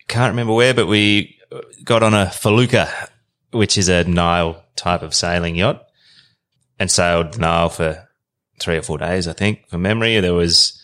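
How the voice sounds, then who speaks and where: Deep-voiced man telling a story. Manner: relaxed, rambling storyteller. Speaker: podcast guest.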